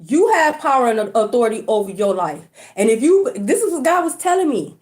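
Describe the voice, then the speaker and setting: Her voice is a little high and darkish, brisk, with big pitch swings. Speaking indoors at home, she gives a casual livestream spiritual reading to viewers, chatty and colloquial, cursing casually and often checking in with "okay?".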